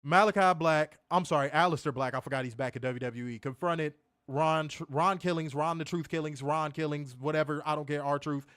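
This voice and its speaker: A man reviewing a wrestling show, ranting loudly with lots of swearing. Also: a little high, fairly quick, smooth, dry recording, studio quality. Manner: loud profane ranting; calmer advice-giving. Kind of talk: ranting commentary.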